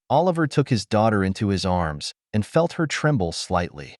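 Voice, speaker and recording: A man narrating a dramatic story in an even, unhurried way. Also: lowish voice, dry recording, studio quality.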